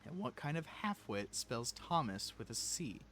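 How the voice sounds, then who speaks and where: A man voicing a stern, contemptuous older aristocratic father in a story game, speaking harshly and dropping low on his scornful jabs. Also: big pitch swings, moderate pace, fairly bright tone, a little hiss or hum.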